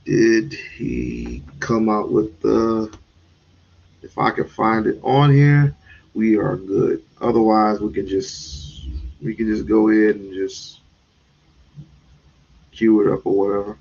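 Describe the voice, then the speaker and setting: A man hosting a livestream, ranting in commentary with sudden loud bursts and chuckles. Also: lowish voice, slow, vocal fry, long pauses, slightly rough, highs cut off. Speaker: streamer host.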